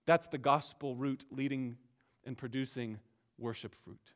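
A man's voice: mid-range voice, normal speed. A man preaching a sermon, explaining scripture with emphatic rises and drops in his delivery. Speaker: pastor. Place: church sanctuary.

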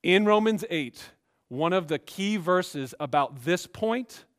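A man preaching a sermon as pastor, emphatic, swinging between quiet asides and raised exhortation. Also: sits high, lively intonation, takes it slowly.

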